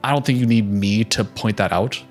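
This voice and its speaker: A young man hosting a reaction video speaks in a lowish voice at a moderate pace, with soft background music behind him. His TV recap is heated and sarcastic, and he mockingly imitates the voices he quotes.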